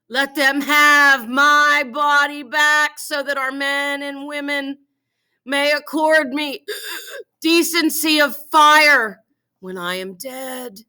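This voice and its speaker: A woman's voice: high-pitched, pushed and bright, voice pushed up, full character voice. A woman voicing a dying young prince, pleading in a faint, gasping, tearful voice in a classroom.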